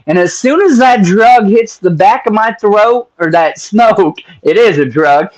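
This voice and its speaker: Rambling high-voiced man, lo-fi. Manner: rambling, profane, keeps saying "bro". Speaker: podcast host. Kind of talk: casual interview chat.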